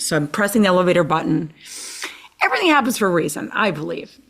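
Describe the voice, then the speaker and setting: Woman guest with a Chicago accent, casual storyteller, animated, full of "like", plays out quoted dialogue. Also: fairly low pitch, fast talker, creaky. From Chicago, USA. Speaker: interview guest. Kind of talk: conversational storytelling.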